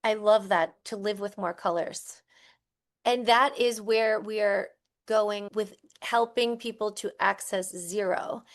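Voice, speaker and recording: A woman co-hosting a podcast in a relaxed conversational way. She speaks thoughtfully. She often affirms what her co-host says before she adds her own view. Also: mid-range voice.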